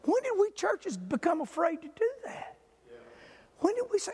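High-voiced animated preacher. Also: male voice, moderate pace, big-room sound, a little hiss or hum. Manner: animated storytelling, jokes with the congregation. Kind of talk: sermon.

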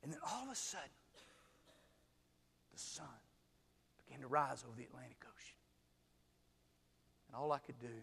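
A man preaching a sermon as pastor, swinging from hushed storytelling to shouted exclamations. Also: high voice, in a large hall.

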